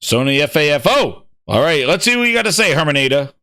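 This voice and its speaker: A man hosting a gaming show, ranting with constant swearing and excited repetition. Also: on the high side, fast talker, music in the background. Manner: excitable, swears heavily, repeats himself. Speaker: podcast host. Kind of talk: profane ranting gaming commentary.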